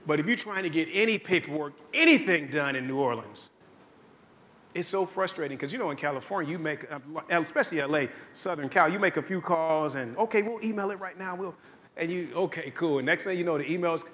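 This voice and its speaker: A male pastor delivers a sermon in a church with a high, bright voice. He preaches in a conversational, joking way, telling stories and repeating phrases for emphasis. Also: fairly quick. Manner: conversational, joking storytelling with repetition. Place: church sanctuary.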